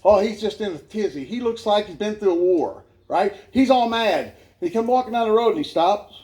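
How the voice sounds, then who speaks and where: A man's voice: sits high, lively intonation, moderate pace, darkish tone. A man telling his life story as a church testimony, folksy and self-mocking, often laughing as he talks. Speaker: guest speaker giving his life testimony.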